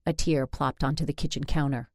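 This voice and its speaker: A woman reads first-person narration in a low, steady voice with a wry, dry edge. The studio recording is dry and close to the mic. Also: fairly quick, dry recording. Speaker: audiobook narrator.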